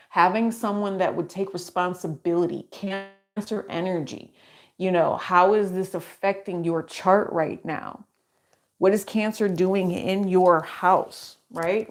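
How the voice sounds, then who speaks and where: Chatty middle-aged woman reading tarot, loose and rambling, quick to laugh. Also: on the low side. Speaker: tarot reader. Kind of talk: casual tarot reading chat.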